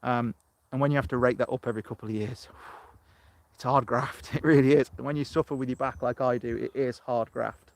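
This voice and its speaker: A man's voice: medium pitch, steady tone, quick pace, a little mellow, no echo. Middle aged english guy rambling live from his allotment, phone cam outdoors, just chatting away. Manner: rambling, chatty, answers viewer comments. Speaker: allotment vlogger. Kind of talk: live-streamed casual chat. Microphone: phone camera.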